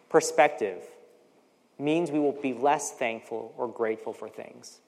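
This preacher, an American in their forties, has an expressive, darkish mid-range voice and a moderate pace. Their sermon is conversational, filled with personal asides and dramatized quoted voices. A long reverb from the hall follows each line.

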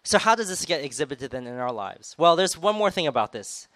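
A man's voice: a little high, very animated, a little fast, a bit bright, dry recording. A man preaching a sermon in a conversational way, retelling scripture and acting out quoted lines with rising emphasis.

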